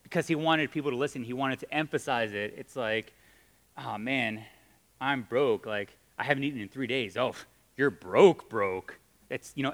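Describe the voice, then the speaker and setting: A man's voice: fairly high pitch, a bit bright. A man preaching a sermon in a conversational, emphatic way, joking with his audience. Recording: long reverb of a hall.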